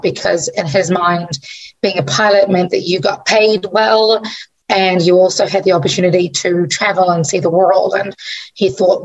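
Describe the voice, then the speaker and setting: Gravelly-voiced woman from New Zealand. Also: on the low side, dull audio. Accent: New Zealand with slight American twang. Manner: warm conversational storytelling with frequent restarts. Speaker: musician guest. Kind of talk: radio interview, storytelling.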